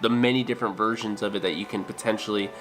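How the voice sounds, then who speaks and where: Hesitant, low-voiced man chatting casually. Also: fairly even intonation, quick pace, fairly bright tone. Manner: hesitant, many fillers and restarts. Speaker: streamer and dental worker. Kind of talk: casual chat with viewers.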